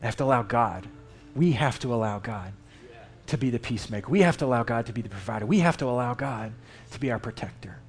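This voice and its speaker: A man's voice: mid-range voice, fast talker, soft background music. Man preaching a casual sermon. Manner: conversational, emphatic, animated Scripture reading. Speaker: lay preacher. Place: church.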